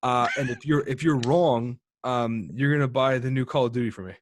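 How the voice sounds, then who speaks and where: A man's voice: medium pitch, a little fast, a little hiss or hum. Argumentative joking male podcast host. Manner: joking, argumentative, swears freely. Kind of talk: casual banter podcast.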